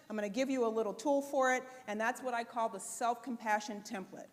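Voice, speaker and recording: A woman giving a motivational conference talk, chatty and animated, speaking straight to the audience. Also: fairly high pitch, fairly quick, few pauses. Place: conference stage before an audience. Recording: live talk in a reverberant hall.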